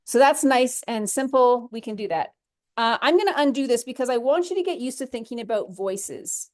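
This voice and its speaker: Woman, music theory teacher, fairly high voice, chatty walkthrough, corrects herself as she goes. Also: a little mellow. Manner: chatty, talks through steps as she clicks, self-correcting. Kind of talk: recorded screen-share lesson.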